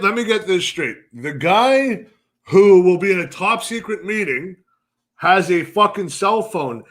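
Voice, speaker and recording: A man's voice: sits high, fairly bright tone. A man co-hosting a podcast in casual chat, swearing often and rambling through jokes. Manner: profane, rambling, joking. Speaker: podcast co-host.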